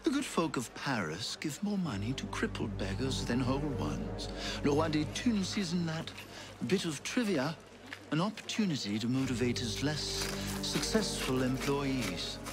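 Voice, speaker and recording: A man's voice: medium pitch, animated, normal speed, natural voice. An actor playing a sly, mocking male informant in a video game, drawling and teasing. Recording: game audio with loud music.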